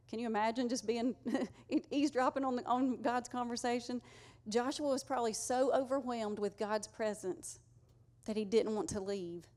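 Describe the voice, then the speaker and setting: Woman preacher, slightly high voice, earnest and conversational sermon delivery. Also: a little mellow. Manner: conversational, earnest, uses y'all.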